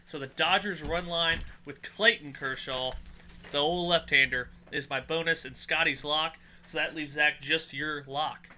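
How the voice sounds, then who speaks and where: Man, podcast host, very bright tone, slightly high voice, quick casual betting talk. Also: steady tone, slight background noise. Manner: quick, runs the segment order. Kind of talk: casual sports betting chat.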